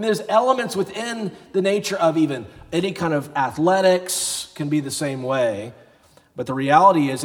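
A man preaching a sermon, telling a story with rising energy and bursts of shouting. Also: on the high side. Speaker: pastor. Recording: long hall reverb.

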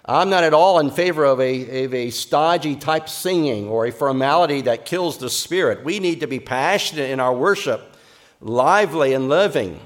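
A man preaching a sermon in an earnest, measured way, repeating key phrases for emphasis. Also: mid-range voice, expressive. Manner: soft, slow closing prayer. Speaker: pastor.

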